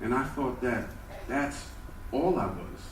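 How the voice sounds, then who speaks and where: A man's voice: medium pitch, animated, slow pace, a little hiss or hum. Man telling his story in a roomy hall. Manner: storytelling, shifts between hushed and emphatic. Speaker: speaker. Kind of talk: personal motivational talk. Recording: roomy hall from far off with faint ambience.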